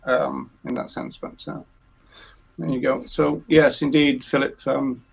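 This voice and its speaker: A man hosting a casual live-stream chat over a video call, talking haltingly with many fillers and restarts. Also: mid-range voice, level tone, creaky, husky, poor audio. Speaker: host.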